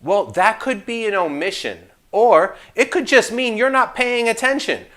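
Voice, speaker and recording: Joking, lively insurance class instructor man. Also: high-pitched, unhurried. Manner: jokey, animated, trash-talking asides. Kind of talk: casual classroom lecture.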